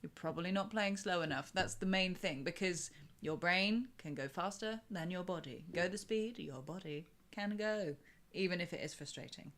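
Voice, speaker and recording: A woman's voice: lowish voice, moderate pace, fairly bright tone. A woman drum teacher giving blunt, cheeky advice in a casual live chat.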